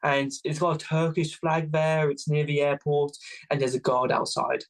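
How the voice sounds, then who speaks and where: A man's voice: fairly high pitch, level tone, moderate pace, vocal fry, low-quality recording. A young man from Wales telling travel stories as a guest, casual and self-mocking. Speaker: guest adventurer. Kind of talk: casual storytelling.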